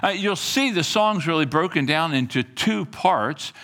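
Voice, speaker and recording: A man's voice: fairly high pitch, lively intonation, a little slow, a bit bright. A middle-aged man preaching a sermon in earnest, reading scripture aloud and often repeating himself. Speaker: pastor.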